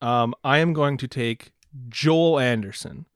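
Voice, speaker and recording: A man co-hosts a podcast with eager, joking energy and jumps into the conversation. His voice is mid-pitched. The recording sounds dry and close to the mic. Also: measured pace, dry recording. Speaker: podcast co-host. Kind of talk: casual chat.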